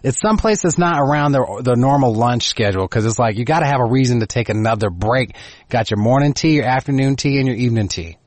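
A man's voice: mid-range voice, lively intonation, quick pace, no echo. A man from Texas with a southern drawl, chatting on a podcast in a laid-back, profane and opinionated way. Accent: Texan southern drawl. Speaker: podcast co-host. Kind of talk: casual podcast banter.

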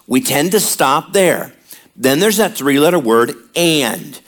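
A man's voice: a little high, expressive, slow pace, fairly bright tone. A middle-aged man, preaching a sermon in a conversational way and checking in with the congregation. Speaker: pastor.

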